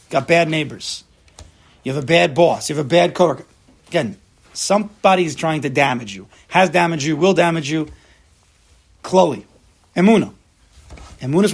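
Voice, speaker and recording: A man's voice: on the high side, vocal fry, husky. A man teaching a class, emphatic, mixing Hebrew terms into his English. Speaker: Torah teacher. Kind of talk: lecture to a class.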